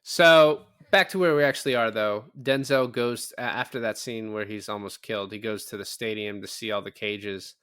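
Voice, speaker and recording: A man with a fairly low voice talks through a movie scene by scene in a loose podcast chat. He acts out the characters' lines as he goes and swears casually. The sound is dry and close, with no room around it. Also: normal speed, few pauses, clean tone, dry recording. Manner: animated retelling with quoted lines and swearing. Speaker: podcast co-host.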